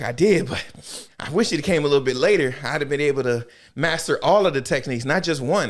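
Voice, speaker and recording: A man co-hosting a casual podcast, retelling scenes with slang, quoted voices and loud high laughter. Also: expressive, quick pace. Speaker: podcast co-host. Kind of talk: casual chat.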